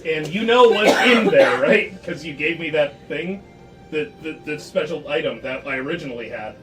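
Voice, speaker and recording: A man playing a tabletop game, excitable, with loud bursts and frequent laughter, a little off the mic with music playing behind. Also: on the high side, moderate pace, far from the mic. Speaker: player.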